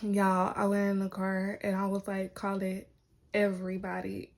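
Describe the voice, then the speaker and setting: A woman's voice: mid-range voice, monotone, normal speed. A woman telling a personal story to her viewers in a casual vlog, chatty and loose, peppering her talk with "like" and "y'all". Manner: chatty, heavy use of "like" and "y'all". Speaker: vlogger.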